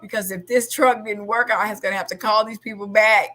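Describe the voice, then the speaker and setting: A woman's voice: medium pitch, fairly quick. A young adult woman co-hosting a casual talk show, telling a story with lots of laughter. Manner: animated storyteller, laughs often. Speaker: co-host. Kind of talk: casual chat.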